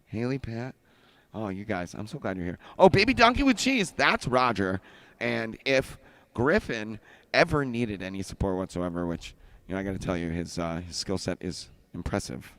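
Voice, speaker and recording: A man hosting a casual show, trading crude jokes and loud bursts with his guest. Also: deep voice, normal speed, dry recording. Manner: loud, joking, bursts into shouts. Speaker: podcast host.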